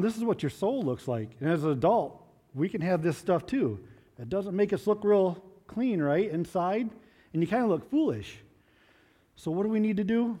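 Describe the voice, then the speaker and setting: A man giving a children's moment in church, asking the kids gentle questions and coaxing answers. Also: sits high, big-room sound. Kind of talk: children's sermon with props.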